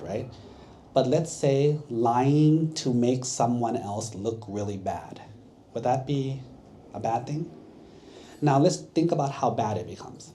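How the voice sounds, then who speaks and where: Mellow-voiced monk teaching kids. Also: male voice, medium pitch, slight background noise. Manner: asks the audience questions, checks with 'right?'. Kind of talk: sermon for kids, storytelling. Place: temple.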